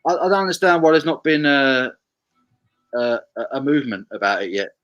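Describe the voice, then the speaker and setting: A man's voice: medium pitch, big pitch swings, fairly quick, a bit bright, highs cut off. A man from England hosting a casual live stream, reading viewer comments aloud with frequent stammered restarts.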